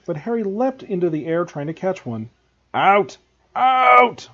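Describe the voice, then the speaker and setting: Husky-voiced man reading a story. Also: a little high, warm tone, lo-fi sound. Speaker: teacher. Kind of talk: reading a novel aloud.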